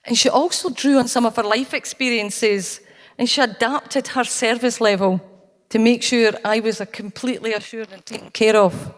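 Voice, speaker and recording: A Scottish woman speaking at a conference, telling a personal anecdote with earnest, anecdotal warmth. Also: a little high, fairly even intonation, moderate pace. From Scotland. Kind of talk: storytelling keynote talk. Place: conference hall. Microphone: handheld or stage mic, cutting out. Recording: long hall reverb.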